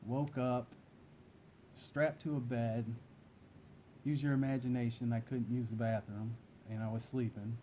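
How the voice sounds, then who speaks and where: A man telling a personal story in plain, low-key, casual speech. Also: flat delivery, measured pace, long pauses, warm tone, a little hiss or hum, low-quality recording. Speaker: guest.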